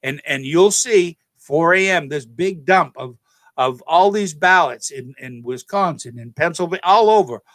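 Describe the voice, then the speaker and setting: A man's voice: a little high, animated, measured pace, fairly bright tone. A man with a slightly raised voice delivers a loose, rambling monologue to his channel's viewers. He keeps circling back to his points, repeating and correcting himself as he goes, and calls his listeners "folks." The sound is dry and close, with almost no room echo. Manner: addresses viewers directly as "folks". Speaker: channel host. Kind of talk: casual political and religious monologue to camera.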